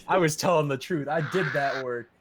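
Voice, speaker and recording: A man's voice: fairly high pitch, measured pace, a little hiss or hum. A man streaming, telling stories in a casual, profane, laughing way.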